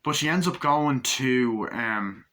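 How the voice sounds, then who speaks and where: A man giving a casual, rambling spoken film review, acting out scenes in squealing high voices as he goes. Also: expressive, takes it slowly, sharp tone. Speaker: movie reviewer.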